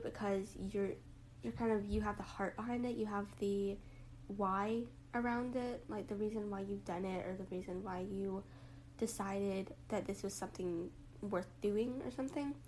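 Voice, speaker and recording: A young woman hosting a casual reflective monologue, rambling with lots of fillers and a rough morning voice. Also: mid-range voice, darkish tone, a little hiss or hum, rough recording. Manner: rambling, lots of likes and ums. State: morning voice, throat a bit rough.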